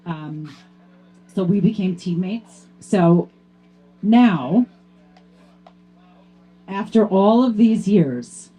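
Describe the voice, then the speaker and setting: Fighting back tears, a woman gives a heartfelt tribute speech while presenting a hall of fame award to her teammate, growing loud and excited toward the end. Her medium-pitched, husky voice is extremely slow with frequent pauses, and the sound is lo-fi.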